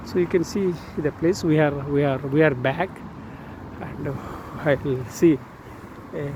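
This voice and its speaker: A man in his sixties with an Indian English accent gives a casual motivational talk outdoors, halting often on drawn-out fillers. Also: a little high. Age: 60s. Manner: earnest, uplifting. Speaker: channel host. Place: outdoors near a road. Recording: outdoor traffic noise behind.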